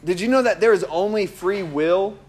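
A man preaching a sermon and telling personal testimony in an animated way, laughing often. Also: sits high, normal speed.

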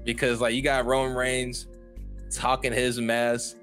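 A man talks through a casual solo podcast, rambling and stopping himself with fillers and apologies. His pitch sits in the middle range for a man. Faint music plays behind him. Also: completely flat delivery, measured pace, fairly bright tone. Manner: rambling and self-interrupting, heavy on fillers and apologies. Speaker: podcast host.

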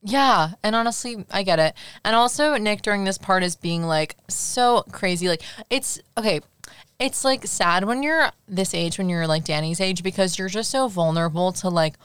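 A woman's voice: mid-range voice, moderate pace, fairly bright tone, smooth. A young woman co-hosting a casual chat, blunt and teasing in her opinions. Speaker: podcast co-host.

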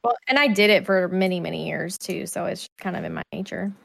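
A woman's voice: fairly low pitch, a little fast, creaky. A woman with a Southern US accent, chatting and laughing as a podcast co-host. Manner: chatty and laughing, animated when excited. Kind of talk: casual chat.

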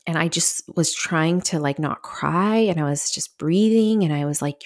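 A woman's voice: fairly low pitch, normal speed, hardly any pauses, a little mellow. A middle-aged woman hosting a solo podcast, telling a personal story in a candid, chatty way with lots of fillers. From Southern California. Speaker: podcast host.

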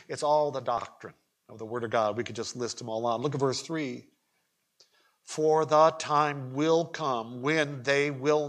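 A man preaching a sermon at a church pulpit, swinging from quiet asides to shouted emphasis, with folksy humor and questions to the congregation. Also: medium pitch. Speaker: pastor. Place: church sanctuary.

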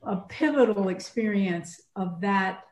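An older woman from Atlanta speaks as a priest and former chaplain, sharing stories in a relaxed, conversational way. Her pitch sits in the middle range. The room around her adds a noticeable echo. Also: a little slow. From Atlanta, USA. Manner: storytelling, animated with laughs. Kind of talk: conversational reflection. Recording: roomy echo.

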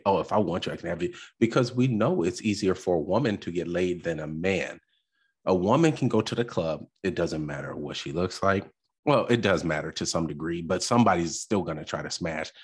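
Deep husky man, blunt podcast rant. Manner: blunt, opinionated, rambling with restarts. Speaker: podcast host. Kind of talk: reacting to a clip, ranting commentary.

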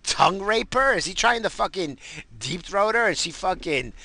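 A man who says he is high, ranting in a rambling, profane, slangy way as a comic commentator. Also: lively intonation, moderate pace, pushed and bright. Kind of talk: rambling comedic rant.

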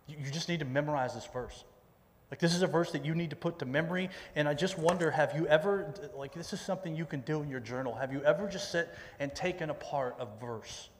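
Casual preacher in an echoing hall. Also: male voice, a little high, fast, a little hiss or hum. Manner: conversational, repeats himself, folksy asides. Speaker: pastor. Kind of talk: sermon. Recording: long reverb in a large hall.

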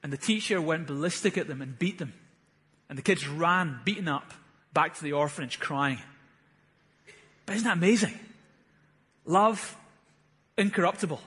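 A man in his thirties preaches from the front of a church hall, his voice pitched fairly high with a touch of huskiness. He speaks earnestly and builds to fervent, emphatic bursts. Long reverb from the hall trails every phrase. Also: normal speed, long pauses, fairly bright tone, husky. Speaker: pastor. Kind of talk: sermon.

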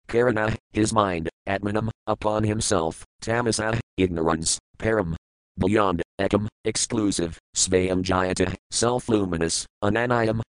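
A man giving a measured, formal reading of scripture, reciting verses and then their translations. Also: fairly low pitch, smooth, no room sound, rough recording. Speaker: scripture reader.

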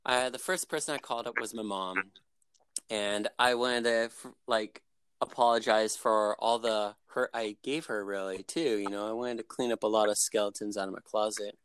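A man in casual conversation, sharing a personal story with plenty of "you know"s and false starts. His voice is smooth and resonant. The sound is dry and close. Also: fairly low pitch, fairly even intonation, moderate pace, fairly bright tone, dry recording. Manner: rambling, frequent fillers and restarts. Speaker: guest.

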